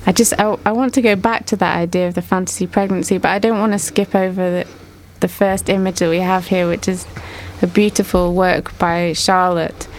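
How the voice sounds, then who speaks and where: A woman leading a casual art discussion, a mother, describing artworks slowly and thoughtfully. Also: on the low side, flat delivery, slight background noise. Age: adult mother. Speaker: discussion moderator.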